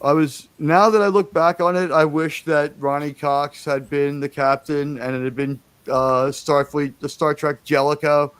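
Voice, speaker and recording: A man's voice: a little high, level tone, measured pace, few pauses, fairly bright tone, clear, resonant tone, no room sound. A man hosting a casual livestream, rambling and chatty, with enthusiastic, profane asides. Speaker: livestream host.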